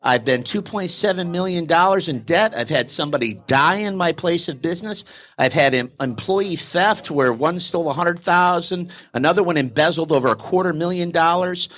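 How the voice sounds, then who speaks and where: At a networking event, a middle-aged business consultant tells a joke during a live interview, acting out its different voices. His voice is on the high side and a bit bright, at a normal speed.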